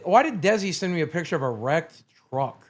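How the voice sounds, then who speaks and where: A man's voice: a little high, animated, a little fast. A man co-hosting a live stream, talking casually, emotional and profane, short on sleep. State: sleep-deprived. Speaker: streamer co-host.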